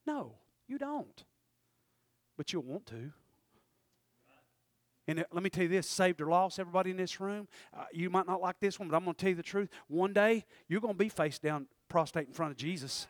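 A man preaching a sermon in church, talking in quick asides and rising to sudden shouted peaks. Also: high voice, no echo. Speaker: pastor.

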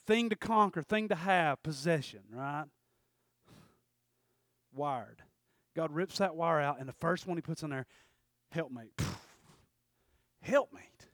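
A man's voice: on the high side, measured pace, long pauses, a bit bright, dry recording, studio quality. A man preaching a sermon, folksy and fiery, often calling out "Amen?" to the congregation.

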